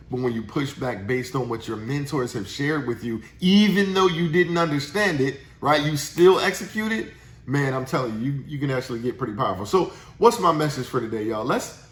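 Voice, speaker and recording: In an echoey room, a mid-range male voice delivers a casual motivational talk as a sales trainer. His manner is chatty, full of tag questions, and he frequently starts sentences over.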